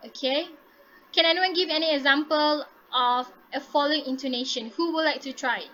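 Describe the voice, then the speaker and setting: A woman's voice: high-pitched, moderate pace, sharp tone, muffled recording. A woman teaching an English class online. She is encouraging, says "okay" again and again, and slips Malay words in. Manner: encouraging, repeats "okay" often, mixes in Malay. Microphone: laptop mic on a video call.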